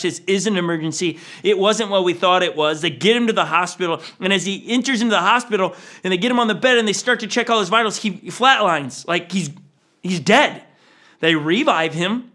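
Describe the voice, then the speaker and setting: A young adult male pastor telling a story in a sermon, animated and acting out what people said. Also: sits high.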